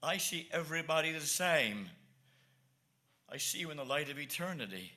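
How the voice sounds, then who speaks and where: A man preaching a sermon as an evangelist, earnest and repetitive, swinging between soft asides and emphatic lines. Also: a little high, animated, normal speed.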